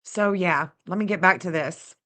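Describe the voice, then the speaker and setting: A woman hosting a casual livestream, chatty and excitable, talking straight to her viewers and laughing often. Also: on the low side, normal speed. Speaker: livestream host reading astrology maps.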